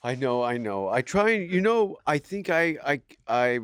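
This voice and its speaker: A man's voice: medium pitch, very animated, normal speed, clean tone, dry recording, clean studio sound. Blunt rambling man from Canada. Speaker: guest comedian. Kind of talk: casual chat.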